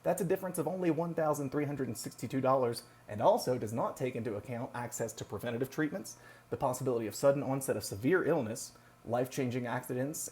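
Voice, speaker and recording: A man giving a read-aloud class presentation as a nursing student, steady and measured, with a few slips. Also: medium pitch.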